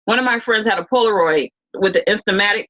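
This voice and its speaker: A woman's voice: mid-range voice, fast talker, fairly bright tone, muffled recording. A woman as an interview guest, telling a story in a casual, rambling way full of restarts and quoted dialogue.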